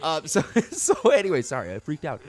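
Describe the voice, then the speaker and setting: Guy rambling thru a story while gaming, voice jumps around a lot, kinda higher, noisy recording. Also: brisk. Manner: rambling, many fillers, lively. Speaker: video game commentator. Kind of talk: casual let's-play storytelling.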